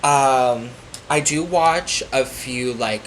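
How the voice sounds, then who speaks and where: A man's voice: mid-range voice, slow, a little hiss or hum, rough recording. Rambling man telling a story. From Florida. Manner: rambling storyteller, many fillers and restarts. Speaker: podcast guest, psychic medium. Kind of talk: casual chat.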